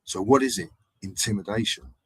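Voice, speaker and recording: A man hosting a live stream, telling rambling, animated anecdotes in casual street slang. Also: fairly low pitch, brisk, slightly rough, no echo. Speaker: livestream host. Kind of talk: casual livestream storytelling.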